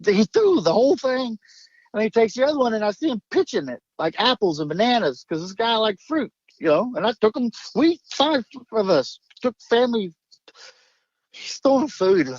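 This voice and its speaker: Man, higher voice, rambling storyteller, swears a lot, dry lo-fi sound. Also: expressive, moderate pace, no echo. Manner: emphatic, profane, jumps between thoughts. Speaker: guest recounting an encounter.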